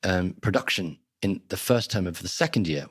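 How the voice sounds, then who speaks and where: An older man with a softened Liverpool accent, telling wry, lively anecdotes as an interview guest. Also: sits low, moderate pace, slightly rough, no echo, studio quality. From Liverpool, England. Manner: lively storyteller, wry, animated asides. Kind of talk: conversational anecdotes.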